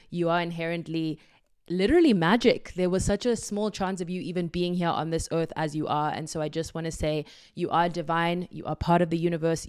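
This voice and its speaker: A woman's voice: fairly low pitch, clear, resonant tone. A woman hosting her own podcast, talking solo in an effusive, affirming and playful way. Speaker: podcast host.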